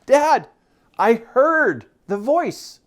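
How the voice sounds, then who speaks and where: A man's voice: very high voice, sing-song, extremely slow, voice pushed up, exaggerated voice. A man voicing his young son, who eagerly runs to tell his dad something. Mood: excited. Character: excited little boy telling his dad something.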